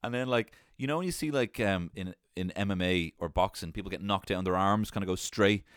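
A man's voice: low-pitched, fairly quick, clean tone, dry recording, studio quality. A young man casually telling a funny childhood story, swearing freely and breaking into laughter. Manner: animated, swearing, laughing often.

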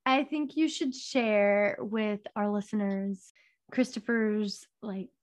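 A woman's voice: medium pitch, fairly even intonation, slow. A woman co-hosting a podcast, chatting casually, giggly and a bit hesitant. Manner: giggly, self-deprecating, hesitant. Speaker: podcast co-host. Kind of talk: casual chat.

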